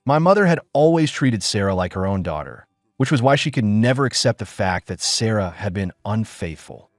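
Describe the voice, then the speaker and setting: Low-voiced man narrating a drama. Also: very animated, normal speed, no echo, studio quality. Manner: weary, bitter storytelling. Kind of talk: first-person audiobook drama narration.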